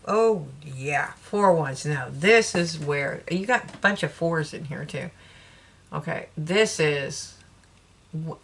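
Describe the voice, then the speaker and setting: Doing a relaxed tarot reading, this Southern US woman chats away, laughs a lot, and keeps interrupting herself. Her deep voice is fairly bright and slightly rough, with vocal fry.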